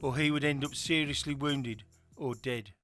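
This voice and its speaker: A man giving measured, scripted documentary narration. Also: medium pitch, a bit bright, dry recording, soft background music.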